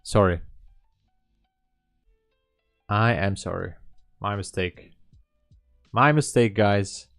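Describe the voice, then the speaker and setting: A man with a lowish, smooth, resonant voice talks slowly through a live trading stream, pausing to think and apologizing for slips. The sound is dry and close, with faint music behind him. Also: no room sound. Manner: slow, thinking aloud, apologetic. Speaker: livestream day trader.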